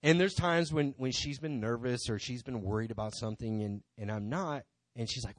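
This church member stands at the pulpit in the sanctuary giving a casual, rambling testimony full of asides. His medium-pitched voice is brisk with few pauses, and there's no echo.

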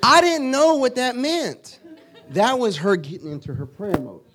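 A man preaching a sermon, moving from solemn teaching to lively storytelling. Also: very high voice, unhurried, slight background noise. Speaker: pastor.

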